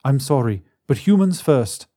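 A man's voice: mid-range voice, very animated, measured pace, dark tone, dry recording, clean studio sound, pitched above the performer's own voice. A man voicing a stern, pragmatic woman who leads a colony, speaking in curt, commanding lines in a storybook reading.

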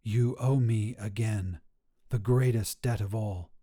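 A man voicing a cold, calm, aloof woman witch, speaking in a measured, cool way, only a little higher than his own voice.

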